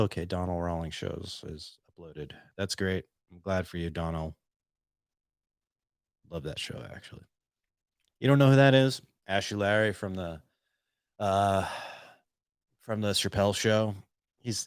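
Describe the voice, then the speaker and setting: Low-voiced man rambling on his podcast. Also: dry recording, clean studio sound. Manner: rambling, hesitant, many fillers and restarts. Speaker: podcast host. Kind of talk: casual solo podcast talk. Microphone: studio podcast mic on boom arm.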